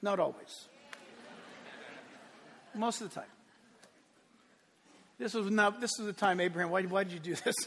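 High-voiced preacher in a reverberant hall. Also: male voice, normal speed, long pauses, a bit bright. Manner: storytelling, acts out voices, builds to impassioned climax. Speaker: pastor. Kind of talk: sermon.

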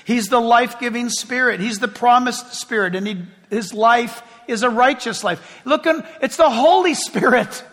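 High, bright-voiced man preaching in a hall. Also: moderate pace, few pauses. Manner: lively, conversational preaching with asides and acted-out scenes. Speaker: pastor. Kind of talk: sermon. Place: church sanctuary before a congregation. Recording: long reverb of a large hall.

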